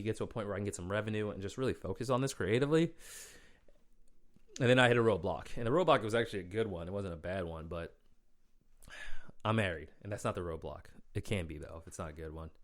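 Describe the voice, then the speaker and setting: Man, podcast host, casual storytelling, slangy and animated, fairly low voice. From United States. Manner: animated, slangy, says "man" and "bro" often, many restarts.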